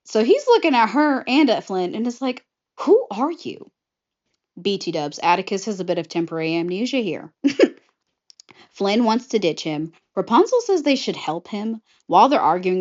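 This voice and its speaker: A woman casually pitching a film idea scene by scene, lively and slipping into quick character bits. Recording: slightly muffled lo-fi audio.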